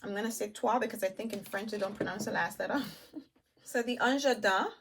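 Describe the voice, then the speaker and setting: A woman's voice: mid-range voice, fairly even intonation, gravelly, noisy background. A woman reviewing perfumes in a chatty way, talking straight to her viewers. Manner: chatty, enthusiastic, addresses viewers as "you guys"; lists notes while smelling, with pauses and restarts. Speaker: beauty vlogger.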